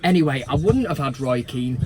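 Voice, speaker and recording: A man hosting a fan channel, talking in a sweary, sarcastic, animated rant. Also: medium pitch, fairly quick. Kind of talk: ranting casual vlog.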